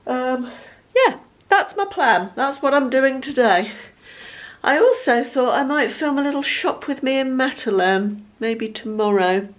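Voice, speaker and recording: A woman's voice: high voice, lively intonation, unhurried. Chatty woman in her fifties. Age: 50s. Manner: chatty, rambling, self-deprecating. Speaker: lifestyle vlogger. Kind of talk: casual vlog chat to camera. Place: at home. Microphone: handheld camera.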